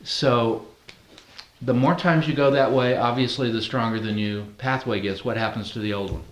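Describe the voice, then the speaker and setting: A man's voice: medium pitch, steady tone, moderate pace. Man teaching a group in an echoey room. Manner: conversational, asks the group questions. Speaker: NLP trainer. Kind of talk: classroom teaching.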